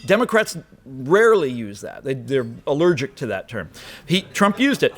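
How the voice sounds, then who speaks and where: A man's voice: mid-range voice, very animated, moderate pace, fairly bright tone. A man delivering a political address to an audience, emphatic and rhetorical, with wry asides. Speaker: speaker. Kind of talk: political speech. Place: lecture hall.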